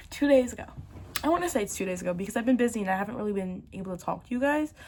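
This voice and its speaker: A woman's voice: mid-range voice, lively intonation, racing, a little mellow. A teenage girl chatting casually to her viewers, ranting animatedly about books and laughing through a storytime. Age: teens. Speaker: book vlogger.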